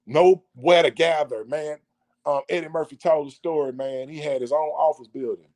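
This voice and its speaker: A man's voice: on the high side, steady tone, moderate pace, a little mellow. A man delivering a preachy monologue, full of rhetorical questions and repetition. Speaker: vlogger.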